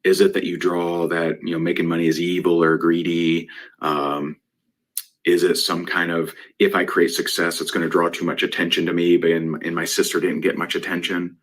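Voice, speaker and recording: A man's voice: low-pitched, flat delivery, moderate pace. A man speaking as a guest business coach, telling a client story in a conversational way and often asking "right?".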